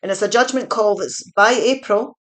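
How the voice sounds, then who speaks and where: A woman talks through a tarot reading month by month. She sounds chatty and reassuring, with a mid-pitched voice, and she pauses to correct her own slips before carrying on. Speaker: tarot reader.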